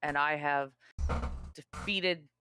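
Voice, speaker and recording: A tabletop player voicing Pyre, a guarded female fighter who long fought alone, speaking haltingly with restarts. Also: medium pitch, steady tone, noisy background, lightly acted. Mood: confessing. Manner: halting, stammering confession. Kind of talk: tabletop role-play.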